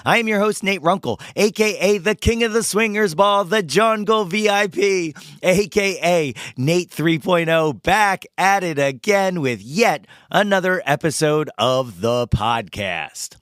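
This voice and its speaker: A man hosting a podcast with a hoarse voice after losing it singing, talking in a playful, hyped-up way. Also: high voice, animated, measured pace, few pauses, fairly bright tone, no room sound, clean studio sound. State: hoarse, lost his voice. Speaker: podcast host. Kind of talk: casual podcast chat and ad reads.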